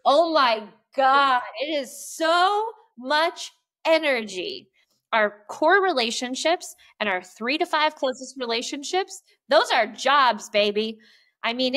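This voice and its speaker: A poet and coach living in a small coastal California town guests on a casual interview podcast, her voice a little high and somewhat bright. She talks candidly and animatedly, swearing freely and acting out what people said.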